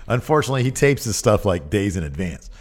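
A man's voice: fairly low pitch, big pitch swings, quick pace. A man co-hosting a podcast in casual, enthusiastic, rambling chat. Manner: enthusiastic, rambling, laughs often. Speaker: podcast co-host.

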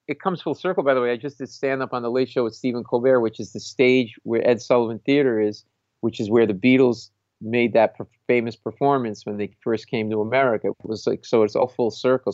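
A man, a stand-up comedian, telling a lively story in casual talk, acting out other people's voices and laughing often. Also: mid-range voice, no echo, lo-fi sound. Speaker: stand-up comedian, podcast host. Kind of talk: casual anecdote on a talk show.

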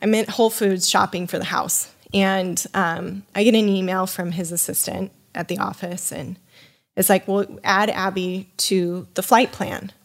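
A woman who works as a wine sommelier is a guest on a podcast, telling a story in casual conversation. Her voice is medium-pitched with vocal fry, and she speaks at a measured pace. She animatedly acts out the voices of the people involved, and her loose speech is full of "you know" and "like."

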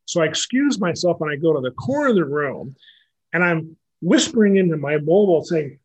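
A man in his fifties, an author interviewed as a guest, telling animated stories with frequent laughter. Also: on the high side, brisk, muffled recording. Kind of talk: conversational interview storytelling.

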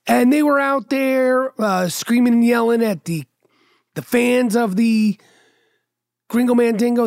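A middle-aged New Yorker hosting a podcast delivers a loose, casual monologue, profane and sardonic, rambling and restarting as he goes. His voice sits high, and the sound is dry and close with no echo.

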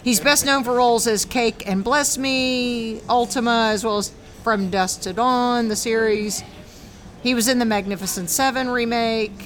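Excitable woman host, fairly high voice. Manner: lively, excitable, quick asides. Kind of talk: casual chat.

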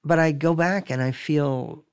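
A man, an artist, chatting casually in a reflective, halting way with many fillers. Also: on the high side, smooth. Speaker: artist in conversation. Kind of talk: casual chat.

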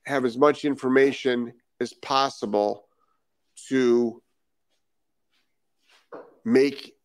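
A man's voice: mid-range voice, vocal fry, no echo. A man from Rhode Island, a dog trainer hosting a live stream and reading out viewer comments, talking emphatically, repeating key phrases and asking rhetorical questions.

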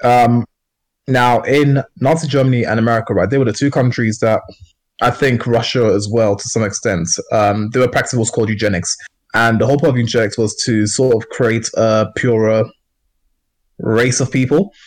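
A man's voice: medium pitch, fairly even intonation, moderate pace. A man co-hosting a casual podcast discussion, talking in a rambling way with many fillers and restarts. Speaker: podcast co-host.

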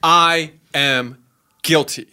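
A man's voice: on the high side, steady tone, extremely slow, background noise. A man performing improv comedy, pleading his case in a mock-formal courtroom scene.

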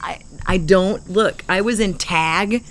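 A woman's voice: medium pitch, slow pace, slight background noise. A woman in casual chat, playful and self-conscious, tripping over certain words.

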